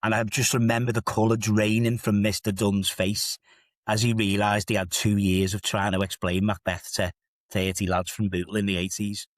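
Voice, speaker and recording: A Liverpool-accented Englishman in his fifties, an assistant head teacher, tells stories on a podcast, dropping in emphatic, rhetorical asides. His voice sits low with little movement in pitch, at a normal speed. The recording is dry and clean, with studio sound.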